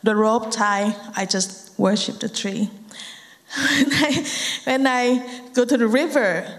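Woman, Thai accent, young adult, fairly high voice, earnest testimony, halting restarts, long hall reverb. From Thailand. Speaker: speaker giving a testimony. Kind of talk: personal testimony talk.

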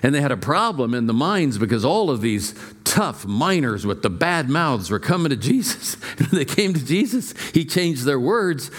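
A middle-aged male pastor preaching a sermon, telling stories with playful asides and shifting emphasis. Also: medium pitch.

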